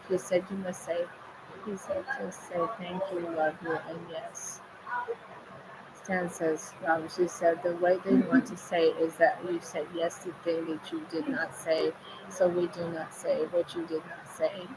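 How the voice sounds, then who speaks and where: Low, flat-voiced woman medium. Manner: repetitive, chant-like phrasing. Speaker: spirit medium relaying messages. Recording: steady background noise.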